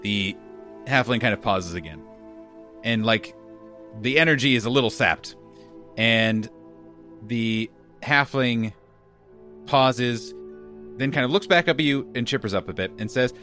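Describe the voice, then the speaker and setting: Bright-voiced male game master narrating. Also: mid-range voice, a little slow, long pauses, faint music behind. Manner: loose narration with fillers like "kind of" and "like".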